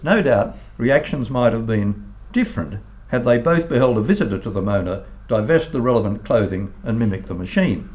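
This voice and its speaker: An older man, a philosophy professor, reading a formal academic lecture in a measured way, with the odd stumble. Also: mid-range voice, animated, a little mellow. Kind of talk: academic lecture read from a text.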